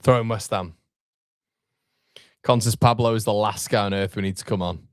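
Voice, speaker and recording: Low-voiced man giving live football reaction. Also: fairly even intonation, moderate pace, clean tone, dry recording, studio quality. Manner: swears, trails off and repeats himself, jumps higher on chances. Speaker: football watchalong host. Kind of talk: live match reaction commentary.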